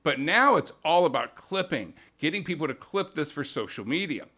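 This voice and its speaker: A man's voice: fairly high pitch, expressive, moderate pace, sharp tone. A man hosting a live stream, explaining media tactics in a casual, emphatic monologue and acting out quotes in mock voices.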